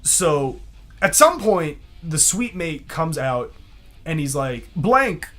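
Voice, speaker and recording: A young man with a somewhat high, very lively voice tells a rambling story on a podcast. He acts out the other people in it and laughs as he goes. Faint music sits under his voice. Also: slow pace. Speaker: podcast co-host. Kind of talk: casual storytelling.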